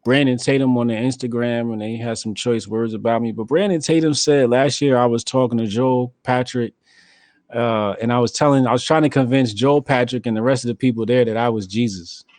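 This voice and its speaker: A man's voice: medium pitch, fairly even intonation, brisk, darkish tone, dry recording. Blunt Jersey-accented man, dry close sound. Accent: New Jersey. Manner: blunt, profane, storytelling with acted quotes. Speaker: podcast host. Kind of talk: casual chat.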